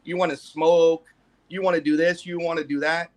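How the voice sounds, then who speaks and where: A man's voice: a little high, flat delivery, normal speed, noisy background, natural voice. A man voicing a cruel male devil who jeers and gloats, retelling it as a quote in a story. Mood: taunting. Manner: mocking, repetitive jeering.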